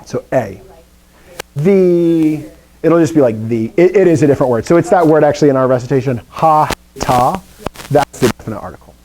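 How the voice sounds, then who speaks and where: Man teaching a lively classroom lesson. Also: on the high side, normal speed, a little hiss or hum. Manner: lively, explaining step by step, jokey asides. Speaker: Greek teacher. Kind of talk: classroom lecture.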